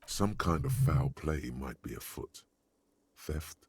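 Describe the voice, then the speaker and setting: Very deep, rough, dark inner voice of a detective's mind, dry analysis, close dry sound. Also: male voice, slow pace, no echo, heavily acted.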